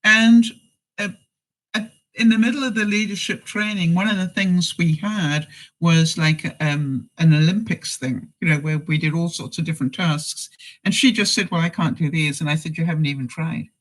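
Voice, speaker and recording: A man's voice: a little high, moderate pace, fairly bright tone, low-quality recording. A man in a casual live stream, telling a story and speaking to viewers by name in a folksy way with frequent fillers. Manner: folksy, addresses commenters by name, frequent "you know". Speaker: vlogger answering live chat.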